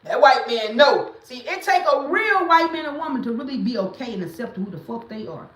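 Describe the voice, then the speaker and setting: A woman hosting a livestream, talking straight into her phone or webcam. She is blunt and emphatic and now and then rises into loud, preaching bursts. Her voice sits a little high and rings in a roomy, echoing space. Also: lively intonation, brisk. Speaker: livestream host. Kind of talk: casual livestream talk.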